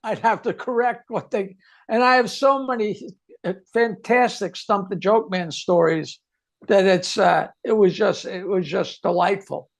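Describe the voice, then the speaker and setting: A male comedian telling jokes in a relaxed, animated way during a video-call chat. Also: sits high, unhurried, creaky.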